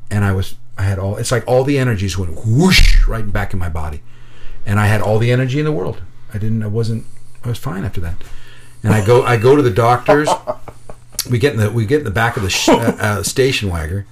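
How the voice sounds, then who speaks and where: A man telling a personal story in casual conversation, lively and animated, acting out the voices of the people in it, with frequent restarts. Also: fairly low pitch, fast talker, a little hiss or hum.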